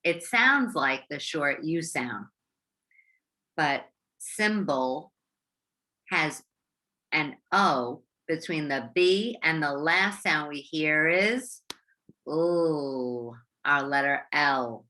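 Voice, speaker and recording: Slow, animated woman teaching young readers. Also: sits low. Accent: American English. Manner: encouraging, stretches out sounds and syllables. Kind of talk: slow, clear classroom instruction for young learners.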